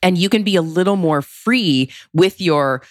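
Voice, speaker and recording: Low-voiced expressive woman, dry sound. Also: normal speed, dry recording. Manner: expressive, emphatic with big pitch leaps. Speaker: relationship consultant. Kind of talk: podcast interview.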